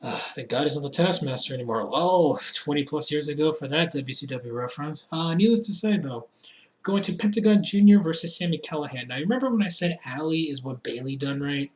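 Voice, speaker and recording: A man's voice: on the high side, expressive, brisk. Tipsy rambling man in an echoey room. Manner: rambling, laughs at himself, many fillers. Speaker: wrestling reviewer. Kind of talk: casual video review.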